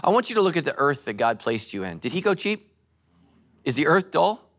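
A male pastor giving a sermon at a church service, joking and telling animated stories. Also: on the high side, brisk. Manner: animated, joking, storytelling preacher.

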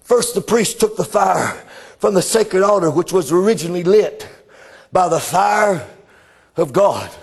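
A middle-aged man, preaching a sermon with fervor, often rising into shouted exclamations. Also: high-pitched, animated, unhurried, gravelly, slightly rough.

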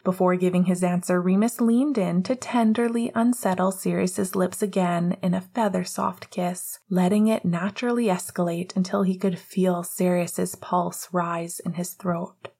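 A woman narrating a romance story in a soft, close voice that slips into whisper. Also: on the low side, steady tone, moderate pace, hardly any pauses, breathy edge. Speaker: audiobook reader. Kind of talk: intimate fiction narration.

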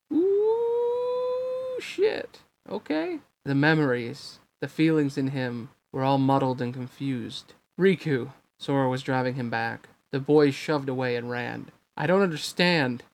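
A man reading a novel aloud at a fair clip, a plain, mid-pitched voice that moves steadily through the narration. He stumbles now and then but keeps going. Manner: quick, plain reading with occasional slips.

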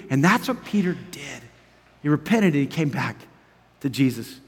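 A man preaching a sermon as pastor. His delivery is emphatic, swinging from loud urgency to hushed intimacy, and he chuckles between phrases. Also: fairly high pitch, animated, moderate pace, breathy edge. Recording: long reverb of a large hall.

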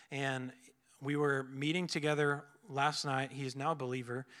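A man's voice: medium pitch, a bit bright. A young man giving an earnest, casual sermon, full of fillers and restarts. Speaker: preacher. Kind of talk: conversational sermon.

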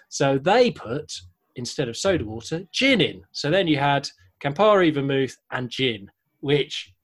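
A man's voice: mid-range voice, sing-song, a little slow, a bit bright. A man co-hosting a casual online talk show about cocktails, chatty and jokey as he explains a drink's history. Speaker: podcast co-host.

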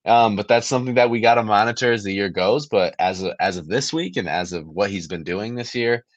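A man's voice: lowish voice, fairly quick, dry recording. Laid-back young man on dry, dull podcast audio. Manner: laid-back, teasing, laughs easily. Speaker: podcast co-host. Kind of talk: casual fantasy football chat.

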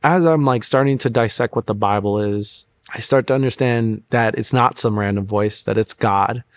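A man's voice: fairly low pitch, normal speed, no echo, studio quality. A young man telling his personal faith testimony in an interview, earnest and reflective, often restarting his sentences. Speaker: testimony guest.

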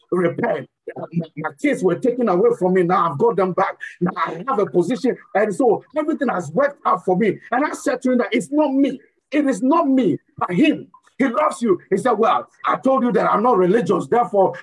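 A man preaching a sermon, emphatic and building to shouts, telling a personal story between scripture readings. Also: sits high, husky, rough recording. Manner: emphatic, rises to shouting at times.

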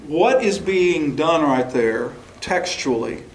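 A man's voice: on the high side, lively intonation, slow pace, a little hiss or hum. A man leading a choral workshop session, explaining and asking questions, now and then singing a short phrase to demonstrate. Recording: echoey room recording.

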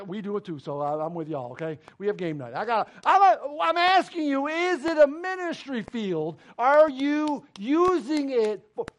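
A pastor preaches a sermon in a very high voice with a fairly bright tone, firing direct questions at his congregation. His emphatic delivery swells and eases in intensity as he goes.

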